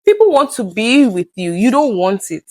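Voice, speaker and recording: A woman's voice: on the high side, normal speed, no room sound. A woman speaking as a guest in a candid personal conversation, earnest and open, often acting out past conversations. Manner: earnest, reenacts conversations with lively quoted voices.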